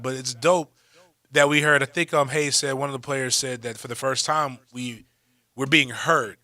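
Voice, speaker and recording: A man on talk radio tells his story with animation and acts out the voices of the people in it. His voice is bright and forward, and the sound is dry and close. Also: medium pitch, no room sound. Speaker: radio co-host.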